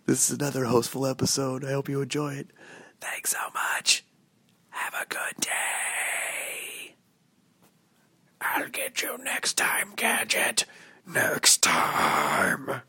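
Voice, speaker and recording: A man hosting a podcast in a hushed whisper from a hotel room. The whisper is raspy and gravelly with a bright, sharp edge. The room sounds dry and close. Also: mid-range voice, big pitch swings, takes it slowly, no room sound. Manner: hushed whisper, wry asides. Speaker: podcast host. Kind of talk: whispered intro monologue.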